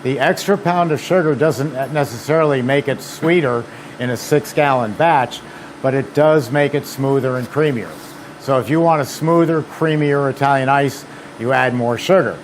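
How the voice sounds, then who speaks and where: A man's voice: mid-range voice, normal speed, a little hiss or hum. Chatty man presenting a seminar. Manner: chatty, anecdotal, many fillers. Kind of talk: demonstration talk.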